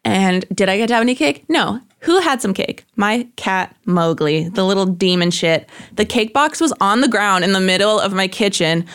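A woman co-hosting a podcast, telling a story in an animated, comically exasperated way. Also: mid-range voice, normal speed, hardly any pauses, smooth. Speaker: podcast co-host. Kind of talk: casual storytelling.

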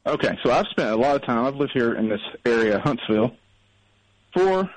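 A man's voice: mid-range voice, animated, brisk, dry recording, low-quality recording. A man from North Alabama, calling into a radio show, rambling in a wry, self-deprecating way while getting over being sick. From North Alabama, USA. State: sick, recovering. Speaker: caller. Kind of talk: casual call-in chat.

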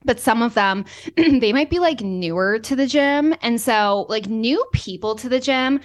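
A woman's voice: on the high side, animated, a little slow. A young woman from Boston, a dietitian guest, chatting in an upbeat way and giving advice with lots of "like.". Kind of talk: casual chat.

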